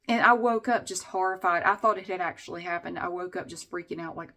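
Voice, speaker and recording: A woman's voice: on the low side, quick pace, hardly any pauses, pushed and bright. A middle-aged woman vlogging at home, chatting casually to the camera in a rambling, candid way and swearing a little. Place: at home, indoors.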